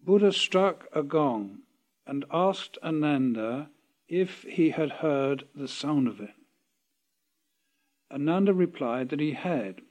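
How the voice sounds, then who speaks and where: A man reading a parable aloud and explaining it, slow and deliberate with pauses and self-corrections. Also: a little high, darkish tone.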